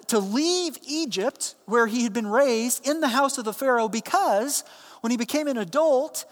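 A man giving a sermon as a pastor, telling a story in a plain, conversational way and dropping his voice low and soft when he voices the people in it. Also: in a large hall.

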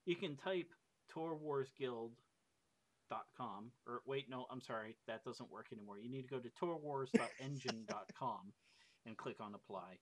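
A man's voice: medium pitch, rough recording. A man hosting a casual gaming podcast, joking and laughing often with his co-hosts. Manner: animated, jokey, laughs often. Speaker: podcast host.

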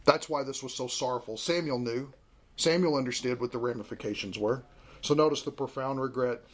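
A man in his thirties teaching a Bible class in a conversational, animated way. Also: medium pitch, brisk.

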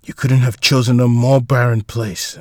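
A man's voice: mid-range voice, level tone, normal speed, a little mellow, dry recording, clean studio sound, natural voice. A man voicing a wounded, suspicious woman boss who asks blunt, clipped questions.

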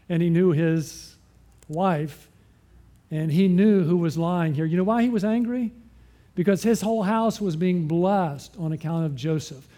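This is a man's high, mellow voice delivering a sermon, where he keeps putting questions to his listeners only to answer them himself.

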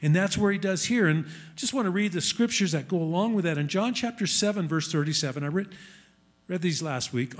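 Male preacher, higher-pitched voice, earnest sermon delivery to a congregation. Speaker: messianic congregation teacher. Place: congregation hall with screen.

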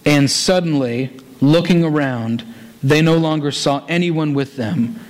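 Preacher, male, fairly high voice, animated delivery of a sermon with scripture reading. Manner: animated, switches between fast asides and slow, stressed phrases.

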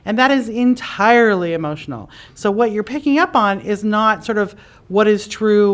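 Woman, podcast host, casual explainer, middle pitch, acts out quoted thoughts, live audience talk. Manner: chatty, acts out inner voices with lively pitch jumps. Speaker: podcast host and psychic teacher. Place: conference room with a live audience.

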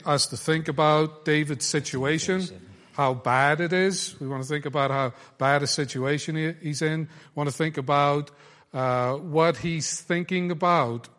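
An Irishman leading a group Bible study in a relaxed, chatty way with many fillers. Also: a little high. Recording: long hall reverb.

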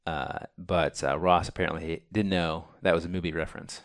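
A man's voice: sits low, steady tone, fairly quick. A man hosting a baseball podcast, chatting casually and rambling with many fillers. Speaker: podcast host. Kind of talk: casual chat.

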